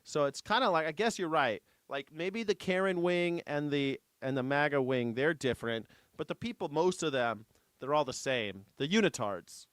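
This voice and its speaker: A man's voice: fairly high pitch, animated, moderate pace, smooth, no room sound. A man hosting a news reaction show, commenting casually in an irreverent, sarcastic way with some swearing. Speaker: host.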